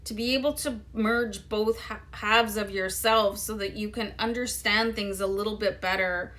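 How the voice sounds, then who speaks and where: A tarot reader gives her viewers a casual card reading, chatting loosely and filling her speech with plenty of "you know" and "um." Her voice is medium-pitched and a bit bright, with fairly even intonation and a moderate pace.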